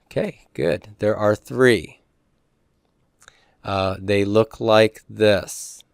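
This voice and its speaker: A man teaching a classroom lecture in a relaxed way, with frequent fillers and restarts. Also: lowish voice, drawn-out words, vocal fry, clean tone, no room sound, studio quality.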